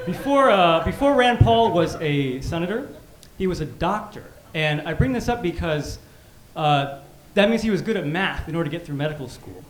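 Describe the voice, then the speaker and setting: A male comedian working a club crowd with a lively, punchy delivery. His voice sits high and leaps around a lot. The sound is roomy, with clear background noise from the club. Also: normal speed. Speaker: stand-up comedian. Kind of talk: stand-up comedy set. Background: audience laughter and club ambience.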